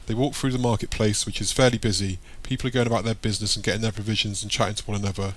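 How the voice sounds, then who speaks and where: A man's voice: on the low side, steady tone, racing. Man reading an audiobook. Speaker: audiobook narrator. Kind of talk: audiobook narration.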